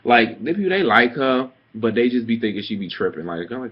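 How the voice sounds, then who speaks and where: A man's voice: medium pitch, big pitch swings, brisk, few pauses, slightly rough. A young man telling a story about a petty coworker in a sassy, profane, dramatic rant, like a casual vlog. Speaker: vlogger. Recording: dull lo-fi webcam audio.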